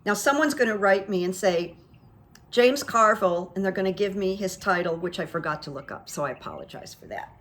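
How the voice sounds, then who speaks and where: A woman's voice: mid-range voice, lively intonation, brisk, a bit bright. Middle aged lady rambling thru the news on her channel, opinionated, lots of asides and ums. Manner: chatty, opinionated, with asides and fillers. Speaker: host of a psychic commentary channel. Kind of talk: casual political commentary monologue.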